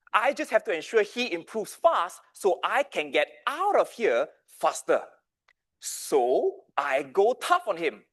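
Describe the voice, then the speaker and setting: A man in his thirties giving a dramatic storytelling speech with big swings in volume. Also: high voice. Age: 30s. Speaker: club speaker.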